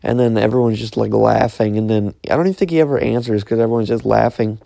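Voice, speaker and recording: A man's voice: fairly low pitch, fairly even intonation, fast talker, gravelly, dark tone, no echo, clean studio sound. A young man casually retelling a dream, rambling with lots of fillers and restarts. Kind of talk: casual storytelling, recounting a dream.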